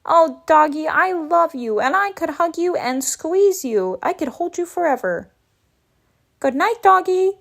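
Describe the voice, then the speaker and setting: A woman's voice: high-pitched, big pitch swings, measured pace, fairly bright tone, voice pushed up, exaggerated voice. A woman voicing a sugary, smothering little girl in a storybook read-aloud, cooing in baby talk.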